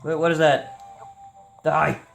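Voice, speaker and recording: A sleepy young man talks his way through a video game in slow, drawn-out commentary, joking and swearing as he goes. His voice sits at an ordinary middle pitch. Faint game music plays behind him. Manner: tired, rambling, jokey and profane. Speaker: gameplay streamer. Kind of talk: casual gameplay commentary.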